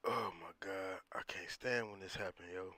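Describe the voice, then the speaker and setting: A man's voice: sits low, moderate pace, sharp tone, dry recording. A man streaming a truck game, chatting loosely and rambling in slang to his live viewers. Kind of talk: casual chat with live viewers.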